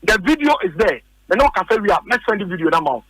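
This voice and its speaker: A man's voice: sits high, very animated, quick pace, a bit bright, low-quality recording. A man with a Ghanaian English accent arguing politics on the radio, emphatic and repetitive, firing off rhetorical questions. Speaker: political commentator. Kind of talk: heated political argument on radio.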